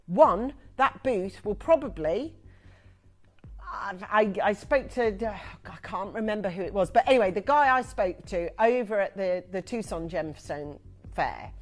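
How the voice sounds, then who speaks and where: Gushing woman pitching live. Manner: chatty, gushing, emphatic. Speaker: shopping channel presenter. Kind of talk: live TV sales patter. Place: TV studio.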